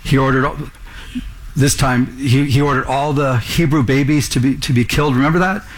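A man's voice: mid-range voice, steady tone, normal speed. Earnest pastor guy preaching to the room, keeps asking the crowd questions, medium voice. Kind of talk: sermon. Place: room with a live congregation.

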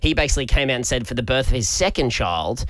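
A man's voice: mid-range voice, expressive, fast talker, a bit bright, dry recording. A man hosting a casual weekend breakfast radio chat, telling stories in an easygoing way. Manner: easygoing, conversational storyteller. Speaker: radio host. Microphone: studio microphone.

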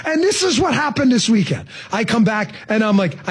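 A man hosting a radio talk show, telling stories in a sarcastic, animated monologue with quick asides. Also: high voice, husky.

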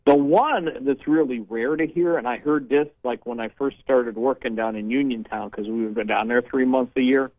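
A man's voice: medium pitch, normal speed, few pauses, no echo. Male caller, tinny phone-line sound, dry. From Northeast Ohio. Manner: chatty, storytelling, blunt. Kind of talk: casual call-in chat.

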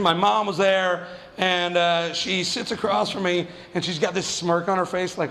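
A man telling a profane stand-up story, with loud mock-yelling bits. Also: sits high, steady tone, moderate pace, vocal fry, noisy background. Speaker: stand-up comedian. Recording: long venue reverb, faint ambience.

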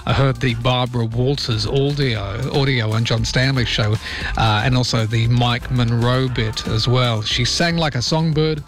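An Australian man hosting late-night talkback radio, with an easygoing, rambling manner. He pokes fun at himself as he talks, in a mid-pitched voice. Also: fairly even intonation, unhurried, faint music behind. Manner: chatty, rambling, self-deprecating. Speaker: radio host.

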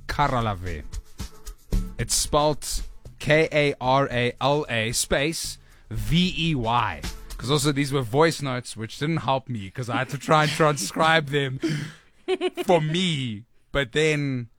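A man talks into a studio microphone as the host of a radio show. He is jokey and teasing, stumbles and restarts his sentences, and speaks at a middle pitch, with faint music playing under him. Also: expressive, takes it slowly, a bit bright. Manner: playful, self-mocking, stumbling. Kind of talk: casual radio banter. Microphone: studio mic.

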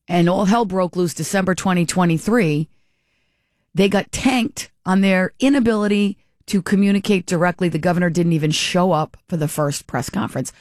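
A woman's voice: fairly low pitch, darkish tone, dry recording, clean studio sound. A woman giving opinionated political commentary, indignant and sarcastic, firing off rhetorical questions.

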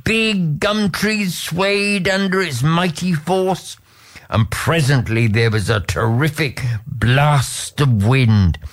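A man narrating a folk tale in a measured, expressive storytelling manner. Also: fairly high pitch.

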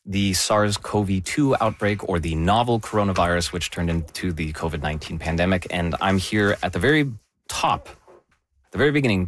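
A man explaining a virus outbreak in an emphatic, detailed news-discussion style. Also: low-pitched.

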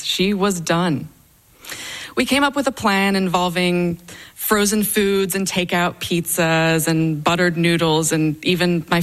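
A woman's voice: fairly low pitch, a bit bright. A young adult woman telling a personal story on stage, with a wry, dryly humorous delivery.

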